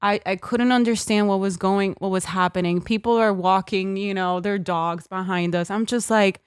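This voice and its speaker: A young woman in her twenties, a podcast guest, telling a story in a lively way and acting out what people said. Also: moderate pace, clean tone, dry recording, clean studio sound. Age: 20s. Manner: lively, acts out quotes with big pitch jumps. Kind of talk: animated storytelling.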